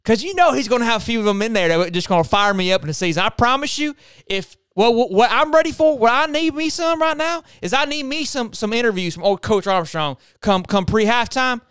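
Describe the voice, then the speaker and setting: Excitable sports host, high and clear, emphatic rants. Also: male voice, brisk, no room sound, studio quality. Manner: fired-up, emphatic, keeps tacking on "okay?". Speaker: podcast host. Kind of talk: casual sports talk.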